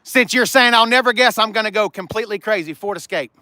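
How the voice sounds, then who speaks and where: A man's voice: high-pitched, fast talker, bright, forceful tone, no room sound. A middle-aged man joking and teasing as he shows cars around a car lot. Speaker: car dealership vlogger. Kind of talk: casual walkaround chat.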